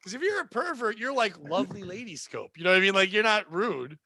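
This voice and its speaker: A man co-hosting a comedy podcast, trading crude jokes in animated banter and laughing often. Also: sits high, fast talker, crowd noise. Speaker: podcast co-host.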